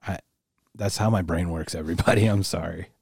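A man's voice: sits low, fairly even intonation, brisk, gravelly, darkish tone, breathy edge, no room sound, clean studio sound. A man co-hosting a podcast, chatting casually with rambling, crude jokes. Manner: joking, rambling, crude humor. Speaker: podcast co-host. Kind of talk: casual chat.

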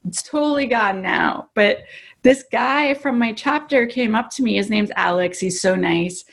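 A woman telling a story in casual chat on a video call, lively and laughing often. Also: fairly high pitch, unhurried, vocal fry. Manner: animated, acts out quoted voices, laughs often. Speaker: guest.

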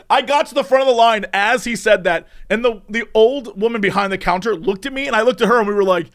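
A man telling a story in casual chat. He is animated, laughs often and acts out the voices. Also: high voice, brisk. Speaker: podcast storyteller.

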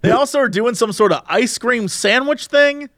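A man co-hosting a podcast in casual chat, excitable and swearing freely. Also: extremely high pitch, normal speed. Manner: excitable, swearing, puts on mock voices. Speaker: podcast co-host.

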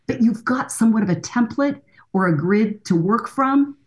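A woman's voice: a little high, lively intonation, normal speed, lo-fi sound. A woman in her sixties, a counselor and author, speaking earnestly and emphatically as a guest in a podcast interview. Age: 60s.

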